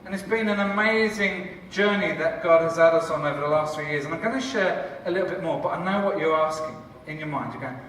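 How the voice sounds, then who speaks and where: A man, a church leader and cafe founder, giving a lively conference talk with jokes for the audience. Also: fairly high pitch, a little fast, hardly any pauses, slight background noise. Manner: enthusiastic, joking, chatty with the audience. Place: large conference hall. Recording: echoey hall from far off.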